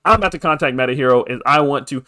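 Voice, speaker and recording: A young man streaming live about crypto, hyped and pushy as he begs viewers for likes and gives shout-outs. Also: mid-range voice, racing. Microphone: desk microphone.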